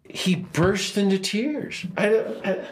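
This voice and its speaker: An American man speaking as an interview guest, telling passionate, animated stories about a faith-driven vision of peace. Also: high-pitched, slow pace. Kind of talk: conversational interview.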